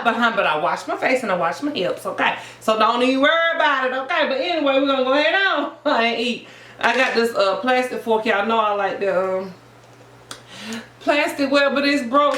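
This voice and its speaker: A woman's voice: a little high, a bit bright. A woman hosting a casual eating vlog, playful and sing-song, calling her viewers honey. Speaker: mukbang vlogger. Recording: echoey room, faint background noise.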